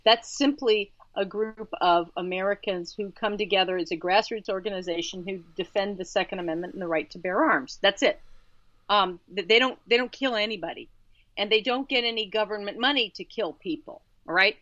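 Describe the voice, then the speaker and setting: A woman's voice: medium pitch, fairly quick, fairly bright tone, no echo, lo-fi sound. Emphatic woman co-hosting talk radio. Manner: emphatic, repeats words while building a point. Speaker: radio show co-host. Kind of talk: casual talk radio commentary.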